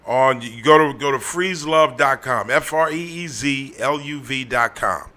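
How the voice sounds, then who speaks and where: A man's voice: mid-range voice, a little slow, bright, forceful tone. A man from California hosting a comedy podcast, chatting in a laid-back, rambling and profane way. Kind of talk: casual chat.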